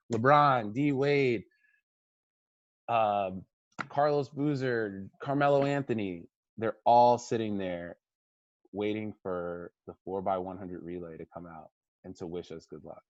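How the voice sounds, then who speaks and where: Man, 30s, low-pitched storyteller, dull dry recording. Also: a little slow, no echo. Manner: lively storyteller, acts out quotes with shouts, drops to a hush for reflective parts. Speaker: Olympic swimmer giving a team talk. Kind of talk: animated storytelling speech.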